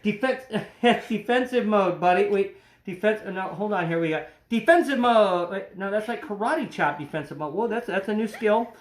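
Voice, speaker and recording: A man's voice: high-pitched, normal speed. Playful man hosting an animal show. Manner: playful, jokey, chatty. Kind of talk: educational animal demonstration. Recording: roomy echo.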